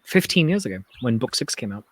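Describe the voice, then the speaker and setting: A man hosting a casual livestream chat, telling stories in an animated way, acting out other people's voices and gasps. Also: medium pitch, quick pace, no room sound. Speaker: host.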